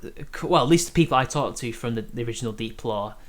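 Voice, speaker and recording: A man's voice: medium pitch, fast. A man from Britain hosting a casual live stream, rambling and hesitant, laughing often between points. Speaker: stream host.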